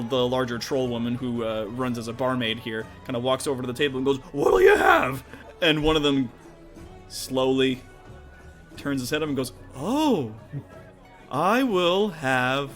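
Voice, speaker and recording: A man's voice: medium pitch, fairly bright tone. A man runs a tabletop game in a casual, meandering way, stopping often on fillers. His voice swings up and down with animation. Faint music plays behind him. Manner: casual and rambling, full of fillers. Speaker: game master.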